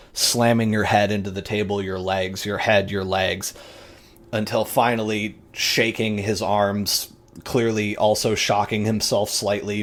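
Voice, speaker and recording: A man narrating as game master, casual and vivid, with frequent swearing and fillers. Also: on the low side.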